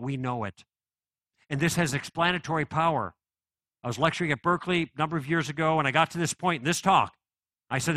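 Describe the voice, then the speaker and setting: A man's voice: on the high side, fairly bright tone, dry recording. A middle-aged man giving a live apologetics talk, conversational and persuasive, with many rhetorical questions to the audience. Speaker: Christian apologetics speaker.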